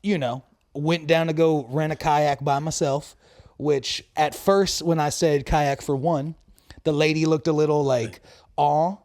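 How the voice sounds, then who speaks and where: A man's voice: a little high, steady tone, measured pace, a little mellow, no room sound, clean studio sound. Laughing, rambling young man. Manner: rambling storyteller, laughs often. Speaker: podcast co-host. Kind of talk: casual chat.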